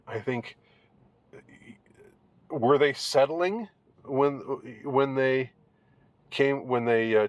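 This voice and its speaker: A man giving casual commentary on an article, rambling and halting with many restarts, in a wry tone. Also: mid-range voice, no echo, dull audio.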